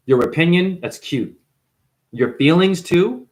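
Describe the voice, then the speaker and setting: A man's voice: mid-range voice, expressive, normal speed. A man giving a confrontational, preachy monologue as a spiritual teacher, calling the listener honey. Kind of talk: ranting monologue.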